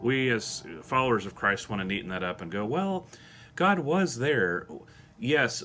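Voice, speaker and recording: A man's voice: lowish voice, sharp tone, slight background noise. A man hosting a devotional show, speaking earnestly and with emotion. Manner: earnest, emotional, reads song lyrics aloud. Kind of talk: devotional talk.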